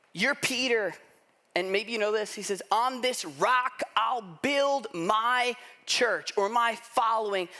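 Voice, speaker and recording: A man preaching a sermon, telling a story in a lively, conversational way and acting out the people he quotes. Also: sits high. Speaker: pastor.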